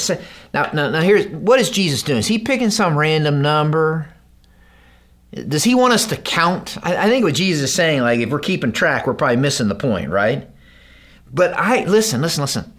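A man's voice: fairly high pitch, fairly bright tone. A male pastor preaching a sermon in a conversational way, acting out the quotes as he goes.

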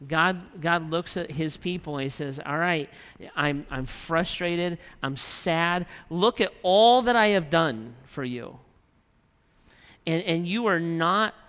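A man's voice: fairly high pitch, fairly bright tone, smooth. Preaching man in a reverberant hall. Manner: reads scripture then paraphrases God's voice with emphasis. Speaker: pastor. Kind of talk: sermon.

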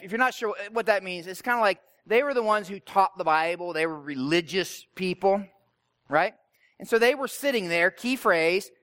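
A man's voice: high voice, fairly bright tone. A male pastor preaching a sermon in a conversational way, asking rhetorical questions and often checking in with "right?".

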